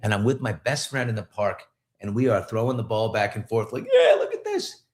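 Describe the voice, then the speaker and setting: A man's voice: lowish voice, a little fast, breathy edge. A middle-aged man, a podcast host, telling a story in casual chat and acting out voices in it. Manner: animated, acts out voices in his stories.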